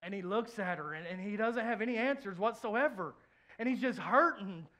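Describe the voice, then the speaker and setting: A pastor preaching a heartfelt sermon in church, sharing a personal story, repeating phrases and swinging from soft to loud. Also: male voice, sits high, expressive, moderate pace. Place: church, before a congregation.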